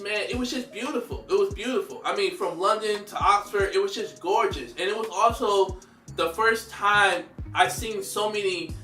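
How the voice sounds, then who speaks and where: Guy in his 30s, high bright voice, slangy animated storytelling, echoey room w/ faint music. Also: distant mic. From United States. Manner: animated, slangy, laughing often. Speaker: vlogger. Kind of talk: casual storytelling.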